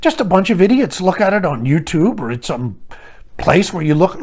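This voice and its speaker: Blunt, scoffing older man, high voice. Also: sing-song, moderate pace, darkish tone, husky. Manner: mocking voices of others in raised pitch. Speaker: commentary vlogger. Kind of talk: opinionated monologue to camera.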